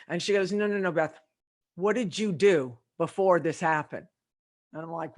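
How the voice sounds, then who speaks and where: A woman's voice: lowish voice, moderate pace. A middle-aged woman, a leadership consultant, talking in a podcast interview and acting out conversations as she tells stories. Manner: animated storytelling with quoted dialogue.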